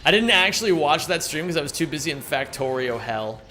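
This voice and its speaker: A man's voice: a little high, expressive, fairly quick, pushed and bright, faint music behind. A man streaming a speedrun, chatting loosely with his viewers, greeting them by name and rambling between thoughts. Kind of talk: live-stream chat while speedrunning.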